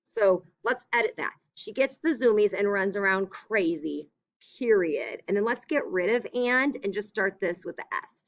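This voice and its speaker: A woman's voice: mid-range voice, lively intonation, normal speed, muffled recording. A woman teacher giving a remote lesson to young children, explaining step by step in a patient, upbeat way.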